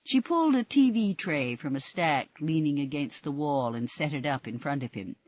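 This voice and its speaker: A woman reading an audiobook in expressive, measured scripted narration. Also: deep voice, no echo, lo-fi sound.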